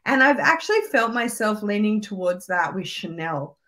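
Woman, casual livestream guest, very lively pitch, chatty, video call. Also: normal speed. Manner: chatty, laughing, animated.

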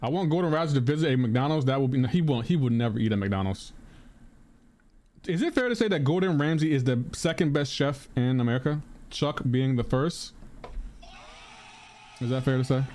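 A man's voice: medium pitch, animated, brisk, long pauses, a little mellow. A man chatting casually on a live stream while gaming, rambling, repeating himself and answering his chat aloud.

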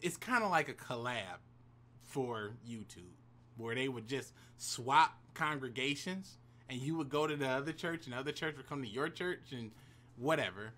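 A man's voice: mid-range voice, expressive, moderate pace, fairly bright tone. A man telling a personal story to camera in a casual vlog, slangy and profane, with hype-man asides to the viewers. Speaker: YouTube storyteller.

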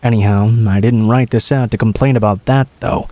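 A man narrating true horror stories in a steady, casual first-person telling. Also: on the low side, fairly quick. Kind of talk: reading true scary stories aloud.

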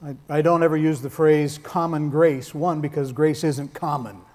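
A man's voice: fairly high pitch, steady tone, moderate pace, a little mellow. A man preaching a sermon in a conversational, emphatic way with touches of dry humor.

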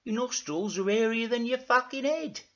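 A man's voice: very high-pitched, moderate pace, pushed and bright, voice pushed up, full character voice. A man voicing a cocky, scheming male cartoon dog with a brash, swearing manner, on a dull lo-fi recording. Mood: cheeky.

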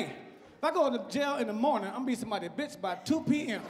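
High-voiced male stand-up comic. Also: quick pace. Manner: animated, loud punchlines, laughs at own jokes. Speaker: stand-up comedian. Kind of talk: stand-up comedy. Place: comedy club stage. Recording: echoey live club with crowd noise.

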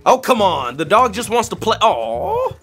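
An excitable man hosts a reaction video, chatting back at what he watches. His voice sits high and jumps around a lot. He cracks jokes and bursts into loud exclamations. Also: measured pace, soft background music. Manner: jokey, talks back at the screen. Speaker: YouTube host. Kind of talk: reaction commentary.

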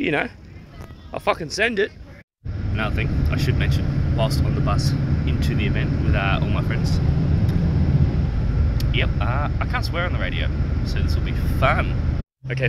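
An Australian man casually vlogging into his phone at an outdoor festival, chatty and quick to swear and laugh. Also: mid-range voice, very noisy. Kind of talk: casual selfie vlog. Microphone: phone held at arm's length.

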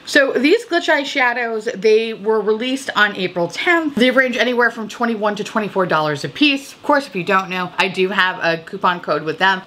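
A woman hosting a casual beauty chat, talking about makeup releases with heavy swearing, laughter and tipsy, excitable gushing. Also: medium pitch, a little hiss or hum. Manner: animated, swearing, laughing, drinking. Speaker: beauty video host.

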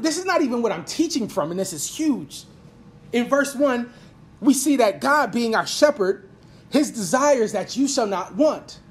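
A woman pastor preaching a sermon and praying aloud, earnest and repeating phrases for emphasis. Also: on the high side. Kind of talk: sermon with prayer. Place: church. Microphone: reading from an iPad.

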